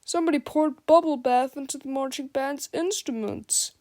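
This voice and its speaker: A woman voicing excited fans in the stands, shouting loudly in a high voice during a storybook reading. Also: normal speed, close to an everyday voice. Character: excited crowd of sports fans.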